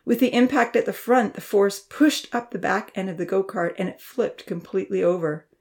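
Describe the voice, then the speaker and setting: A woman narrating a children's storybook in an expressive, lively reading voice. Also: medium pitch, moderate pace.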